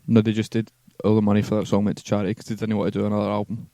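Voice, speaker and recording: A man co-hosting a casual podcast chat, telling stories in an animated way. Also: on the low side, dry recording, clean studio sound. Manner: rapid, animated storytelling. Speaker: podcast co-host.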